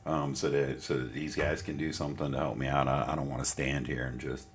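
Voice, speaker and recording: A man's voice: a bass voice, level tone, brisk, husky. A man playing in an online tabletop game, wry and grumbling. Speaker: player. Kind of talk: casual chat in a tabletop game. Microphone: video call.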